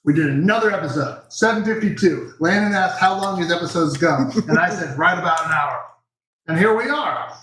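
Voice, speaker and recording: A man hosts a live cooking show with easy jokes and chatter. His voice sits a touch high and rings in an echoey kitchen, with a faint hiss behind it. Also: animated, a little fast, a bit bright. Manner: joking, chatty, wraps up with sign-off. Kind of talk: casual chat. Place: home kitchen.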